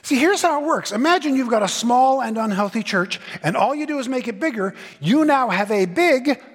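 A man's voice: extremely high pitch, lively intonation, normal speed, slightly rough. A middle-aged man preaching a conference sermon with punchy, comic asides and mock voices. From Southern California. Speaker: pastor. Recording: long hall reverb.

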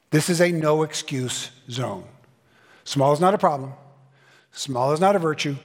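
A man's voice: fairly high pitch, animated, moderate pace. A middle-aged man preaching a conference sermon with punchy, comic asides and mock voices. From Southern California. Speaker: pastor. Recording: long hall reverb.

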